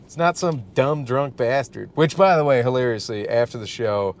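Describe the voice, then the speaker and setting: A man's voice: mid-range voice, moderate pace. A man and stand-up comic hosting a casual solo podcast, ranting in a profane, rambling, worked-up way. He is from Michigan.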